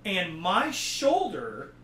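A man hosting a casual stream, telling a story about himself in an animated, self-deprecating way. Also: high-pitched, extremely slow, roomy sound. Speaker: streamer host.

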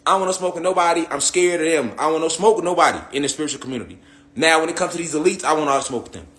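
Bright-voiced man on a heated, profane rant. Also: fairly high pitch, rapid-fire. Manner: heated, repetitive, profane, with rhetorical tag questions. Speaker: online spiritual commentator.

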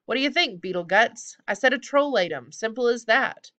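A woman's voice: fairly low pitch, expressive, measured pace. A woman voicing a cheeky, rude male hobgoblin who keeps calling people names. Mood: indignant. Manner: loud, whiny, name-calling.

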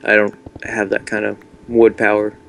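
A man's voice: on the low side, completely flat delivery, normal speed, vocal fry, fairly bright tone, slight background noise. A man chatting casually while playing a video game with friends, rambling and joking as he goes. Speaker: game player. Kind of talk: casual gaming chat.

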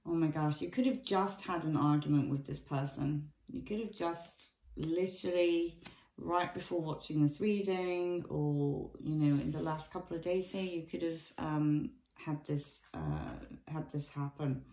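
A woman giving a casual tarot card reading, musing and thinking aloud with many pauses and ums. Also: deep voice, lively intonation, warm tone, echoey room, poor audio. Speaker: tarot reader.

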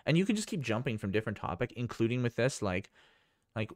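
A man's voice: lowish voice, sing-song, quick pace, no room sound, clean studio sound. A man vlogging a casual screen demo, rambling and thinking aloud with amazement. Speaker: tech vlogger.

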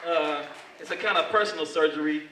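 A male stand-up comedian hosting a live club show, telling stories in an animated way. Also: a little high, brisk, a crowd in the background, noisy background. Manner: animated storytelling. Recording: echoey club, distant mic.

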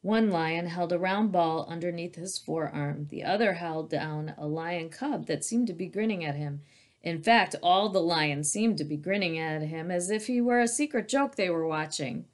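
A woman's voice: fairly low pitch, normal speed. Woman reading a children's novel aloud. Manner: casual asides between reading. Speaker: storybook reader.

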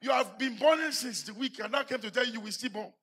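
Speaking fast in a very high, husky voice, a Nigerian English-accented pastor delivers a church sermon. He poses questions to the congregation and works up to shouted emphasis.

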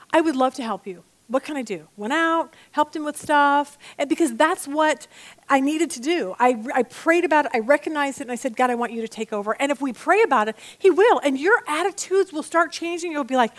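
A middle-aged woman leading a Bible study, teaching in a conversational way and acting out her own inner dialogue as she tells stories. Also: sits high. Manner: animated storytelling with acted-out inner dialogue.

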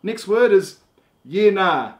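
A man's voice: high-pitched, expressive. A young man with a New Zealand accent, casually walking his daughter through a playful repeat-after-me lesson. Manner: playful, halting, laid-back. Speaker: dad teaching his young daughter slang. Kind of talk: casual instructional video.

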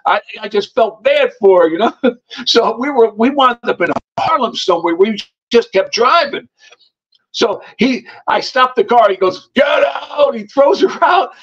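A man telling animated, tough stories from his past as a guest. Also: high-pitched, normal speed, breathy edge. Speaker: guest, former mobster. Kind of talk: storytelling. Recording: dull lo-fi sound.

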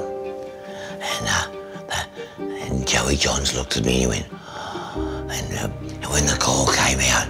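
Gravelly deep older Australian man. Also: steady tone, measured pace, long pauses. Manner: gleeful, blunt, gravelly storytelling. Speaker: former coach in archive clip. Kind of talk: storytelling interview clip. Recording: loud music under archive clip.

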